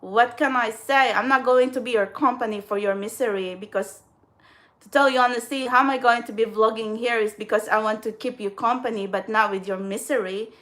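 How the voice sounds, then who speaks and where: A woman vlogs in a loose, rambling way to her audience. Her voice sits fairly high, and she laughs often and keeps restarting her sentences. She gets blunt and scolding when she turns to trolls. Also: steady tone, brisk, fairly bright tone. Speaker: vlogger. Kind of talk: casual rambling vlog.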